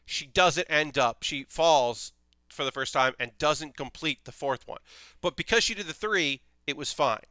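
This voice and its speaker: A young man talks in a loose, animated livestream ramble, cursing freely. His voice is bright and crisp, fairly high for a man. It is recorded close and dry. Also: measured pace, no room sound. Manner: chatty, animated, swears casually. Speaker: streamer reviewing anime. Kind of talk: casual livestream chat.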